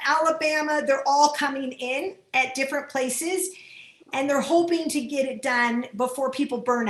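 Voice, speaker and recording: A woman coordinating volunteers in a training video call, talking earnestly and with emotion, often laughing between her words. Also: high-pitched. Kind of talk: Zoom training talk. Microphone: computer mic on a video call. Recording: roomy echo on a video call.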